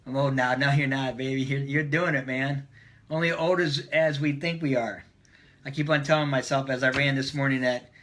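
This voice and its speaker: A man's voice: fairly high pitch, fairly bright tone. A man hosting a casual live stream, upbeat and greeting viewers by name as they join.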